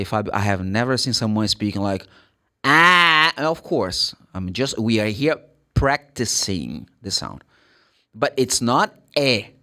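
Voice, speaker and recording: A Brazilian-accented man teaching English letter sounds, his pitch swinging up and down. He draws out each sound slowly to demonstrate it, then voices his students' questions himself. His speech is that of a native Portuguese speaker. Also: a bit bright. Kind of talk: pronunciation lesson.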